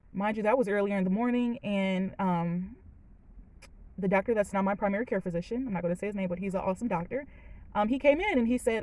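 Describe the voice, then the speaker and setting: A woman's voice: medium pitch, darkish tone, dry recording, poor audio. A woman in her late twenties, a vlogger telling a personal story in a candid, chatty and emotional way, with many fillers, from a parked car. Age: late 20s.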